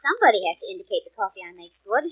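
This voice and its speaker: An actress playing a sharp, affectionate young woman in a 1940s radio drama. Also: medium pitch, big pitch swings, racing, husky, no room sound, phone-quality sound.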